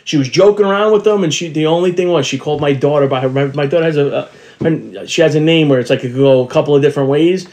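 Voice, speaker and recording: A middle-aged man with a highish, darkish voice talks fast while co-hosting a laid-back podcast. He wanders through stories and imitates the people he encountered.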